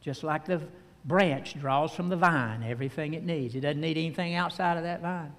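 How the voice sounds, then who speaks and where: Older male preacher, folksy sermon storytelling, slightly high voice, long hall reverb. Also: a bit bright. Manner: folksy storytelling with fillers and pauses.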